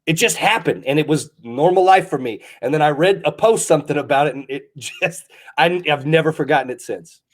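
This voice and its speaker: A man's voice: on the high side, brisk. A man co-hosting a comedy podcast, laughing often and talking in a loose, self-mocking way. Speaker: podcast co-host. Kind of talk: casual comedic chat.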